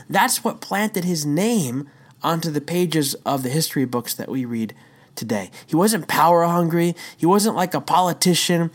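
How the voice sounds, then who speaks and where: A devotional teacher giving a casual talk, telling a story with emphatic rhetorical questions and chatty asides. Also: mid-range voice. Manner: conversational, says "dude" and "right?".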